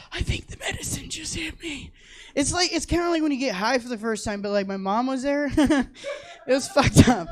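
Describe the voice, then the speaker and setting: A young woman performing stand-up comedy, telling a story in a profane, animated way and acting out the people she quotes. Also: a little high. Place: comedy theater stage.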